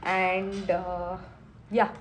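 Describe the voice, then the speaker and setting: A woman's voice: lowish voice, monotone, extremely slow, slight background noise. A young woman with an Indian accent, congested from a cold, chatting casually in a vlog and slipping into Hindi phrases. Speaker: vlogger.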